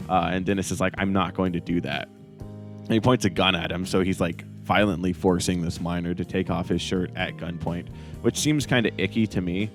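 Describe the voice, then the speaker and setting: A man's voice: low voice, fairly even intonation, brisk, faint music behind. A man hosting a casual manga review chat, rambling and joking as he mock-quotes the characters. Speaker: podcast host.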